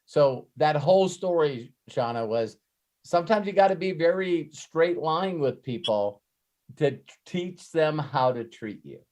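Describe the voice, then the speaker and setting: A man's voice: a little high, animated, a little slow, darkish tone. A man hosting a live coaching session, casually telling stories and acting out both sides of phone calls. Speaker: host and business coach.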